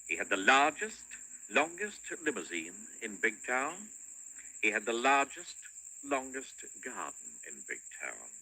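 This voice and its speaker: A man narrating a children's storybook with a highly expressive, swooping delivery. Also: a little slow, husky, poor audio. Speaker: audiobook narrator.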